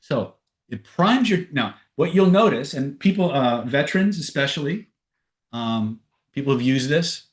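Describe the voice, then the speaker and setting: A man's voice: mid-range voice, expressive, unhurried. A man leading a live webinar, telling a story and acting out the dialogue, often checking in with "right?". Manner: storytelling, acts out dialogue, frequent "right?" tags. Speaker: seminar trainer. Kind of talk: live webinar teaching with anecdotes. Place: online webinar.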